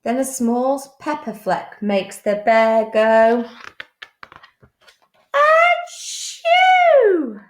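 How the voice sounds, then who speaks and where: A woman teacher reading a children's picture book aloud, slow and expressive. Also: on the high side, a little hiss or hum. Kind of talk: storybook read-aloud. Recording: roomy echo.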